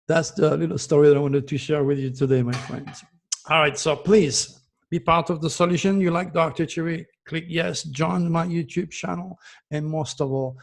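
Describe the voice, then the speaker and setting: A middle-aged man from France talks casually to his viewers as an astrologer host, doubling his words as he tells a story. His voice is gravelly and husky, set a bit high. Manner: chatty, storytelling, repeats words; coos softly to his dog.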